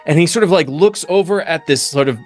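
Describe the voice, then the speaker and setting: A man running a tabletop game as dungeon master, narrating with frequent pauses and fillers. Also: on the high side, darkish tone, soft background music. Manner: halting, many fillers.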